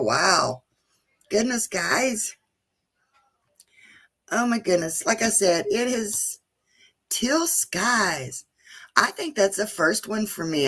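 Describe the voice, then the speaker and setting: A woman with a mid-range, slightly bright voice hosts a casual livestream for her channel. She chats with viewers, reads names from the live chat and laughs often.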